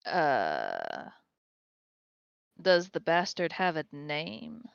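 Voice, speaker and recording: Woman voicing an awkward, deadpan adventurer; low, gravelly, slow and lively in pitch. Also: no room sound, lo-fi sound, full character voice. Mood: dry.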